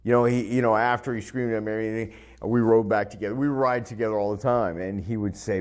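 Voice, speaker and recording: A pro wrestler in an interview, recounting anecdotes in an animated, self-deprecating way. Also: male voice, on the low side, quick pace, hardly any pauses. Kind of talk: casual interview storytelling.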